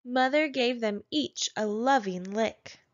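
Woman narrator, children's storybook, very slow, slightly high voice, dull lo-fi recording. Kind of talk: reading a picture book aloud. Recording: dull lo-fi sound.

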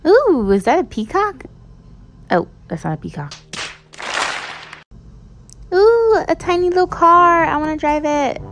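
A young woman doing giggly, excitable commentary while she plays a game. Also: high voice, takes it slowly, long pauses. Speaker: gaming YouTuber. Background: background music.

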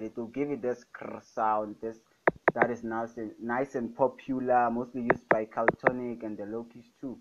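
A young man casually talking through a music production tutorial, enthusiastic and repeating his catchphrases. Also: medium pitch. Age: young adult. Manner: enthusiastic, repeats "fire, guys". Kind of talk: casual screen-recorded tutorial. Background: loud music playing.

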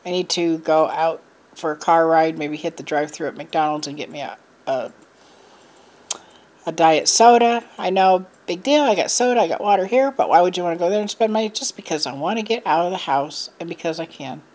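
Middle-aged woman, vlogger, low voice, rambling, frustrated venting, casual chat to camera. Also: brisk, darkish tone.

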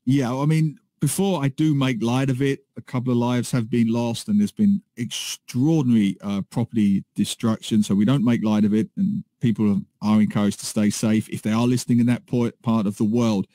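A man co-hosting a radio show, telling a story in a lively, animated way in casual chat. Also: medium pitch, moderate pace, few pauses, no room sound. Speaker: radio co-host. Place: radio studio.

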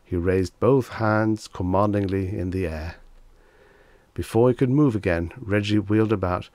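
A man narrating a vintage short story audiobook in a lively, expressive storytelling manner. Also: low-pitched, moderate pace, no room sound.

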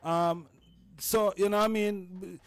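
Slow, hesitant Jamaican man questioning. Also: high voice, steady tone, dry recording. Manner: hesitant, filled with "um"s. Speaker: host. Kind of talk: casual reasoning.

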